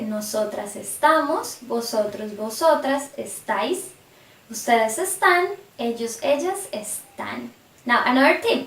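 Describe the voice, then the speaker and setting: A woman with a high voice teaches a language lesson and reads out verb forms with slow, careful pacing. She sits some distance from the mic, and the room gives her voice a clear echo. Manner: slow, careful conjugation drills. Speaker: Spanish teacher. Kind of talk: scripted lesson narration.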